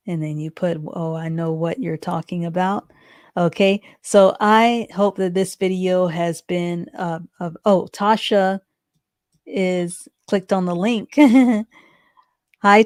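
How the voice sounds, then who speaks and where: A woman teaching a live online reading class, patiently repeating each explanation step by step and reading sentences out slowly. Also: lowish voice, fairly even intonation, a little mellow, no echo, clean studio sound. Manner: reads sentences out slowly and deliberately.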